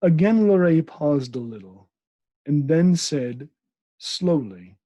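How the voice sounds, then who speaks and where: A man's voice: a little high, sing-song, slow, mellow, no echo. A man, a podcast host, reading a classic novel aloud with asides, who stumbles over names and corrects himself.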